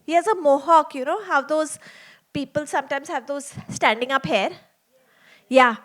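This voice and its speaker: Lady storyteller, high pitched, chatty with kids in a little theater. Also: normal speed. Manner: chatty, asks the children many questions. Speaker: children's storyteller. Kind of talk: storytelling session for children. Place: small theater before a young audience.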